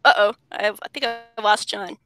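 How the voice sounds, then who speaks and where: A woman guest in casual conversation over a video call, animated and talking through ideas with many restarts. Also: medium pitch, normal speed.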